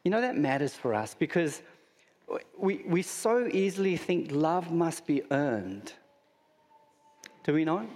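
Australian man preaching slowly, higher voice, long church-hall reverb, asks the room questions and cracks small jokes. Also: very animated, a little mellow. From Sydney, Australia. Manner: conversational preaching with rhetorical questions and humorous asides. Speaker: pastor. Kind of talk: sermon.

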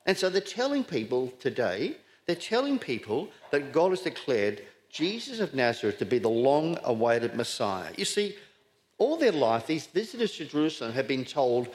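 A man's voice: medium pitch, sing-song, moderate pace. A middle-aged man born in Scotland, preaching a sermon with rhetorical questions and repeated words for emphasis.

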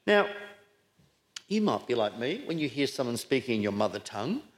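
A man's voice: mid-range voice, moderate pace. Scottish-born guy preaching a sermon, voice swoops up and down, keeps asking questions. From Scotland. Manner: animated, rhetorical questions, repeats words when emphasising.

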